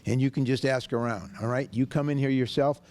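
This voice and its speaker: A man pitching his car dealership, telling a story in an emphatic, folksy way. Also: fairly even intonation, a little fast, darkish tone. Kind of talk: animated sales pitch and storytelling.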